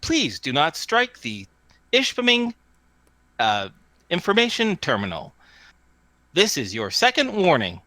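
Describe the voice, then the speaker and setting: A man's voice: fairly high pitch, wildly swooping pitch, a little slow, long pauses, pushed and bright, dry recording, voice pushed up, full character voice. A man doing a chirpy polite talking terminal. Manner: chirpy polite automated announcements. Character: cheerful talking info terminal machine.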